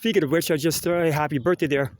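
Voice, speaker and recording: Fairly high-pitched, steady in tone, and quick-paced, this middle-aged Canadian vlogger chats his way around school grounds outdoors. His walk-and-talk wanders casually, and he tends to end phrases with "eh?".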